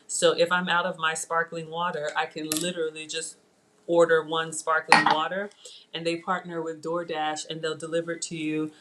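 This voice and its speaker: A woman's voice: on the low side, sharp tone, a little hiss or hum. A middle-aged woman hosting a casual live cooking demo from her home kitchen, talking to viewers in a chatty, digressive way. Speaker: cooking show host.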